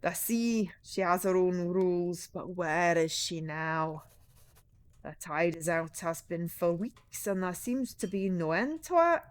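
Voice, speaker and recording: A woman voicing a gruff old male sea captain with a deep, raspy voice, speaking slowly and dramatically in a narrative game. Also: close to an everyday voice. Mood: grandiose. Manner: slow, booming, dramatic.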